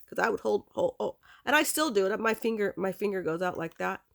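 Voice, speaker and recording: A woman's voice: medium pitch, animated, a little fast, creaky, hardly any pauses. A middle-aged woman telling her own family story casually, rambling and repeating "I said" as she recounts the dialogue. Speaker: adopted daughter telling her family history.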